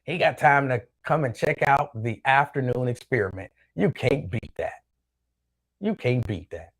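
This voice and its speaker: A man's voice: mid-range voice, lively intonation, a little slow. Guy hosting his show solo, loose rambly chat, repeats stuff, reads comments off. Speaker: show host. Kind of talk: casual solo chat reading viewer comments.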